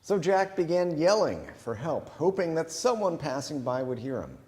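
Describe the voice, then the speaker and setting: A male pastor giving a relaxed, conversational sermon, thinking aloud with fillers. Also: on the high side, moderate pace, long reverb tail. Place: chapel.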